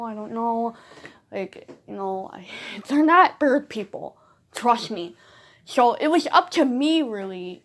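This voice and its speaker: A young woman casually telling a rambling personal story in a vlog, chatty and emphatic, with lots of fillers. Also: a little high. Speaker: bird owner vlogger.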